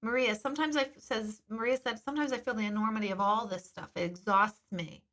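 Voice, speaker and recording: A woman's voice: a little high, fairly even intonation, quick pace, fairly bright tone. A middle-aged woman hosting a casual live stream, chatting candidly and reading viewer comments, with the occasional swear word.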